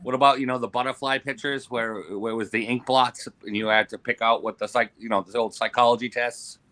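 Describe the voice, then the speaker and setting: A man co-hosting a casual chat, relaxed and friendly. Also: medium pitch, fairly quick, no echo. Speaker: co-host.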